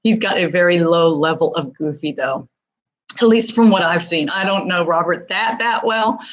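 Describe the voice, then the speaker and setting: A woman's voice: lowish voice, normal speed, lo-fi sound. A woman hosting a live stream, talking candidly and casually with viewers, with many fillers and restarts. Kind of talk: casual live chat reading viewer comments.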